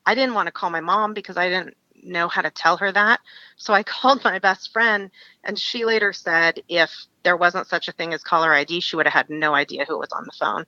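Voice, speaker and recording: A woman's voice: fairly low pitch, steady tone, fairly quick, sharp tone, dry recording, highs cut off. A woman from Alaska, a podcast guest, frankly telling a personal story in an interview and laughing through hard memories.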